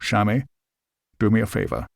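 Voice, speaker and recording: A man's voice: fairly low pitch, normal speed, creaky, no echo. A man playing a tall, balding older film star who speaks curtly and firmly with dry humour, in a storybook reading. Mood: dryly firm. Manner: curt, firm, dry humour. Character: terse older famous actor, tall and balding.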